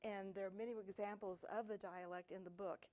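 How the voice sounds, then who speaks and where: A woman giving an author talk, reading quotations slowly and in a relaxed way. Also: mid-range voice, rough recording. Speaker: author and book editor. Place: public talk in a university library.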